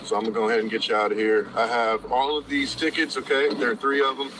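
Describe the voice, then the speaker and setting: A man's voice: medium pitch, little pitch movement, quick pace. Police officer, man, firm procedural delivery, recorded outdoors on a bodycam with street noise. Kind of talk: traffic stop instructions. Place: roadside outdoors. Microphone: body-worn camera. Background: traffic and outdoor ambience.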